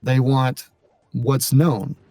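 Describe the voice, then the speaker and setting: A man's voice: mid-range voice, steady tone, extremely slow, warm tone, distant mic. A young man, a voice actor, talking in an interview with a slightly scratchy, gritty voice, rambling with fillers and restarts. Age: young adult. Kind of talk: interview guest.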